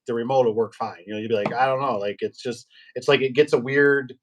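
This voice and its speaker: A middle-aged man, a garage door business owner, chatting casually and telling rambling, animated stories with acted-out quotes. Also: mid-range voice, fast. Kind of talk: casual storytelling chat.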